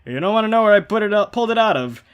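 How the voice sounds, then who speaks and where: A man's voice: high voice, animated, rapid-fire, clear, resonant tone, muffled recording, pitched above the performer's own voice. A man doing a chatty item-giving stranger. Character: chatty friendly man handing out items.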